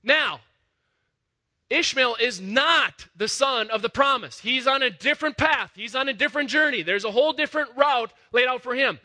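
A man preaching a conversational sermon, rising to loud emphatic peaks as he retells a story. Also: extremely high pitch, normal speed. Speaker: pastor.

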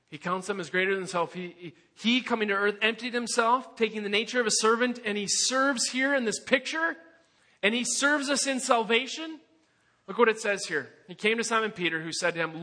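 An earnest man preaching a sermon, pressing his listeners with rhetorical questions. His voice sits unusually high and rings bright and sharp, and the delivery stays emphatic throughout. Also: a little fast. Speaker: pastor.

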